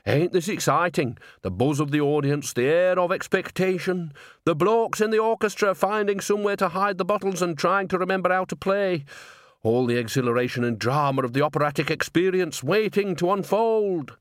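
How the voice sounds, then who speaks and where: A man's voice: high-pitched, normal speed, no echo, clean studio sound, pitched above the performer's own voice, lightly acted. A man voicing a cheerful, sly old woman witch in an audiobook, chatty and folksy. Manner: chatty, folksy, turns quietly menacing.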